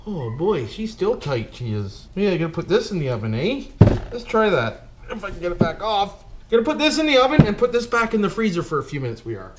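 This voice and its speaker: A man chats through a workshop job in a folksy, joking way, talking half to himself and half to his viewers. His voice sits a bit high and bounces around lively. The room is echoey, with steady background noise behind him. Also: fairly quick. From Canada. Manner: folksy and jokey, keeps calling the viewers "boys"; talks to himself while working. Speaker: vlogger rebuilding an engine. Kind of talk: casual workshop commentary.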